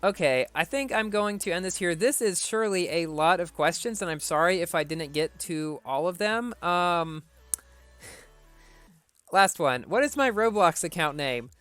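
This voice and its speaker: A man's voice: high voice, animated, unhurried, a bit bright, clear, resonant tone, dry recording, soft background music. A man streaming a racing game, reading viewer questions aloud and answering them briefly in a casual tone.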